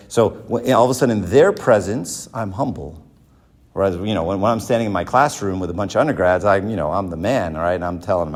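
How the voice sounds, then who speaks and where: Male lecturer, somewhat low voice, animated teaching style with constant "right?" check-ins. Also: brisk. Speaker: professor teaching a church class. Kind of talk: lecture with rhetorical questions.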